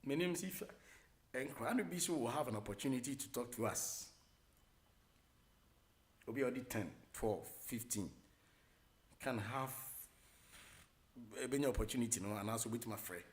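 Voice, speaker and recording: A middle-aged man with a Ghanaian accent hosting a radio talk show, rambling casually, mixing English with Twi and filling pauses with many hesitations. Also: mid-range voice. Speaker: radio host.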